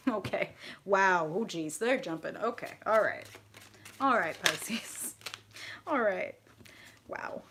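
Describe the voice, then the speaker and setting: A woman's voice: medium pitch, fairly bright tone, slight background noise. A woman hosting a live tarot reading, effusive and profane, chatting directly to her viewers.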